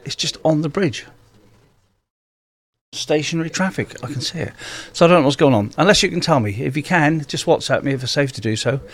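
A man's voice: a little high, a little fast. A man, presenting local radio and chatting informally through traffic news. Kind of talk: live radio traffic update and chat.

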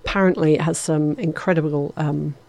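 A woman's voice: sits low, steady tone, a little fast, creaky, mellow, dry recording. A woman presenting a lunchtime radio show in a studio, chatty and playful, joking at herself. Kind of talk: casual radio chat.

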